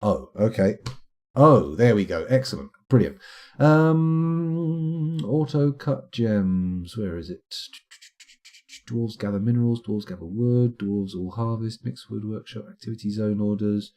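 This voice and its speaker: Dark, husky British man rambling. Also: on the low side, normal speed. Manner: rambling, self-deprecating, chatty. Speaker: game streamer. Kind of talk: live stream commentary.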